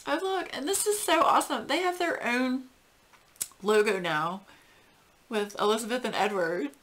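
A woman hosting a casual craft unboxing, gushing and getting emotional with breathy exclamations. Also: on the high side, animated, moderate pace, a bit bright. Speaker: craft channel host.

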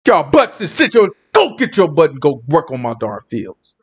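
Scornful king, sneering at his slaves, tone swinging high and low; a preacher puts him on. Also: huge pitch swings, normal speed, slightly rough, dull audio, exaggerated voice. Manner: mocking, dismissive. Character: defiant Pharaoh scoffing at the slaves.

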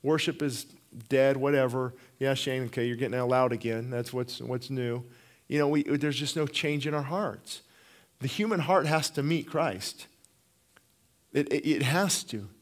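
A man's voice: mid-range voice, measured pace. A middle-aged man preaching a sermon as pastor, impassioned, often repeating words and restarting phrases.

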